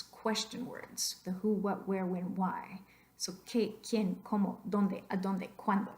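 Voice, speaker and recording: Young woman spanish teacher talking over slides, explains step by step, drops to soft asides now and then. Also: mid-range voice. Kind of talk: narrated slide lecture.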